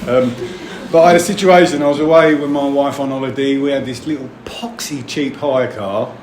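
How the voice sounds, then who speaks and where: A middle-aged man speaks fairly quickly in a medium-pitched, slightly mellow voice as he gives a personal share at a recovery meeting, rambling, swearing freely, and opening up with a bit of emotion. The room is echoey, with noise in the background.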